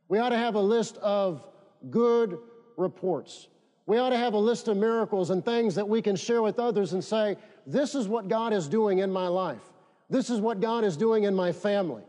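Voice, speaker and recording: A man's voice: high voice, dark tone, big-room sound. A man preaching a sermon, leading the congregation to repeat phrases after him. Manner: emphatic, leads congregation in call-and-response. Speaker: pastor.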